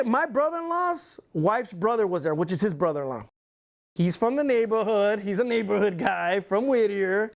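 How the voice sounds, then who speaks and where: A middle-aged man telling a long story as an interview guest, in casual, profane, rambling speech with lively retellings. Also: high voice.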